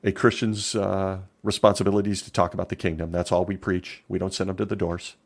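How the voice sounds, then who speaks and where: A man's voice: low voice, level tone, quick pace, vocal fry. A man putting on the voice of an evasive male church official testifying in court, in a mocking, falsely innocent tone.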